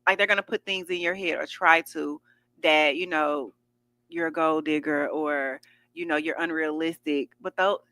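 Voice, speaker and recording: A woman's voice: low-pitched, fairly even intonation, moderate pace, no room sound. A woman co-hosting a radio talk show, giving heartfelt advice. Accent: Southern US. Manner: warm, advising, emotional. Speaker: radio co-host.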